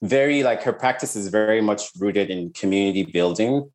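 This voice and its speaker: A man with a very low voice speaks as an interviewed artist. He talks in a reflective, searching way, restarting sentences and reaching for words as he goes. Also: expressive, moderate pace, a little mellow. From Nigeria. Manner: reflective, with frequent restarts and "like" fillers. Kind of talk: casual interview conversation.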